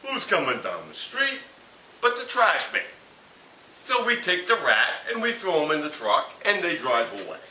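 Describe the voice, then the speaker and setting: A man's voice: a little high, wildly swooping pitch, moderate pace, bright, forceful tone. A man telling a blunt, profane comic rant about a family vacation. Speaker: comedic ranter. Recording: echoey room from far off with hiss.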